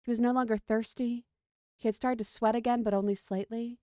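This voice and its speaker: Casting: woman narrator, steady story reading, fairly high voice. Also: brisk, dry recording, clean studio sound. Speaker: livestream storyteller.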